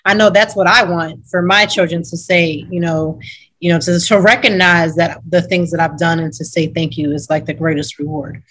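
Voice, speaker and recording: A woman's voice: fairly low pitch, steady tone, moderate pace, fairly bright tone, low-quality recording. Earnest woman host. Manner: earnest, reflective, with restarts. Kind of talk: conversational interview.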